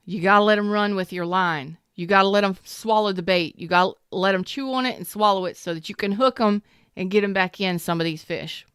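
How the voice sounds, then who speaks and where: A woman's voice: medium pitch, brisk, fairly bright tone, smooth, no echo, studio quality. A woman giving a casual tarot reading, talking in an emphatic, repetitive way and drifting into a personal story. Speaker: tarot reader.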